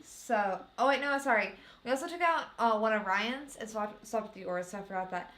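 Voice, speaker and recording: A woman's voice: mid-range voice, normal speed, fairly bright tone. A woman co-hosting a casual podcast, reading items off a list in a chatty, giggly way. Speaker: podcast co-host. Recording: roomy room echo.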